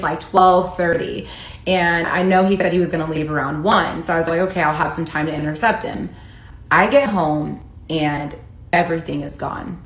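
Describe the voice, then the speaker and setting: A woman's voice: on the low side, fairly bright tone. A woman in her thirties from the United States earnestly recounting a personal story in a vlog. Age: 30s. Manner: earnest, emotional retelling, reading out texts. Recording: echoey room with faint ambient noise.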